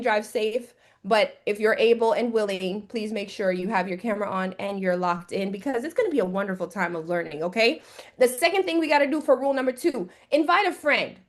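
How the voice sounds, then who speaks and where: An upbeat woman from Jamaica runs an online class over a video call. Her voice sits high, and she cheerfully greets attendees by name while she sets out the rules. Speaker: trading coach.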